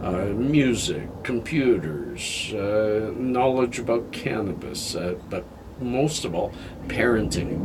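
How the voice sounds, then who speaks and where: Older man, tired, halting heartfelt vlog talk, faint room hum. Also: lowish voice. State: tired, emotional. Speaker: health vlogger. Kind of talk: personal vlog monologue.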